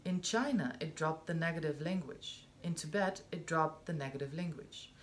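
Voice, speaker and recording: Woman reads a spiritual talk aloud, unhurried and deliberate, low-ish voice, faint hiss behind. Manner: slow, measured, with long pauses between phrases. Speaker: reader of spiritual texts. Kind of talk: reading a spiritual discourse aloud.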